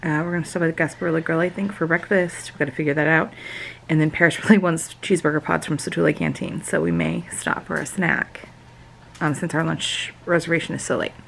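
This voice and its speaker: A woman's voice: low-pitched, steady tone, quick pace, creaky, poor audio. A woman chatting casually in a vlog while waiting in a theme park queue, upbeat and rambling. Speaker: vlogger, mother. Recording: loud outdoor noise.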